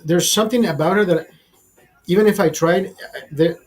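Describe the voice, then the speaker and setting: A man's voice: high-pitched, normal speed, faint music behind. Foul-mouthed rambling man. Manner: crude, profane and rambling with many restarts. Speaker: livestream host. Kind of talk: casual livestream chat.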